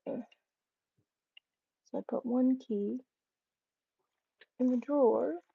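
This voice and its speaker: A woman with a slightly high voice talks slowly in a casual home vlog, firmly ordering her dogs around. The sound is dull and lo-fi, picked up by a camera in the room. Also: vocal fry, slightly rough. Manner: firm, repeated commands to her dogs. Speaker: vlogger. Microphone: camera set up in the room.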